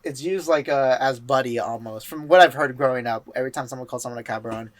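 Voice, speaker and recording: A man's voice: medium pitch, fast, no room sound. A man hosting a podcast in casual chat, rambling, laughing and swearing often. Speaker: podcast host.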